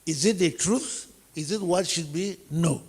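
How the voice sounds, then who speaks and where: A man's voice: a little high, unhurried, vocal fry, slightly rough, big-room sound. A man with a Nigerian accent, teaching in sermon style and driving his points home with rhetorical questions and repeated phrases. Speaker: teacher preaching on family life.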